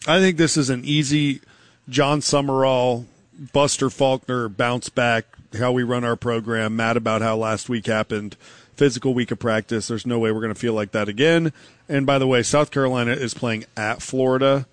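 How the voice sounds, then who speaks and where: A man hosting a live sports talk radio show, giving quick, opinionated game analysis. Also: mid-range voice, fairly even intonation, no room sound. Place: live remote broadcast at a car dealership.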